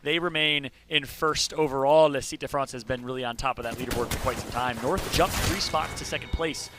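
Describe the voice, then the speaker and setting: A man casting an esports battle royale tournament, energetic play-by-play that rises to loud calls at big plays. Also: medium pitch, fairly quick, over music. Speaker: esports caster.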